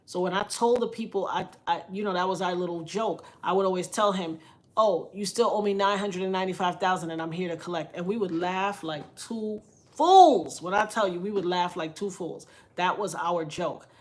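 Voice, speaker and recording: A middle-aged woman telling a personal story in a heartfelt, conversational way, often repeating lines for emphasis. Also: fairly low pitch. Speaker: interviewee.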